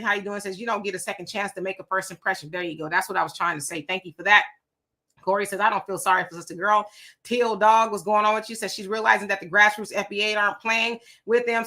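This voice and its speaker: A woman's voice: medium pitch, sharp tone. A woman hosting a casual live stream, greeting viewers one by one and reading their comments aloud in loose vernacular talk.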